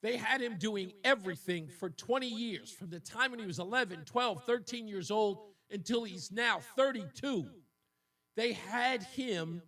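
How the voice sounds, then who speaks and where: Male talk radio host, high-pitched, indignant and emotional, a little off mic. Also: a bit bright, distant mic. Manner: indignant, emotional, repeats points for emphasis.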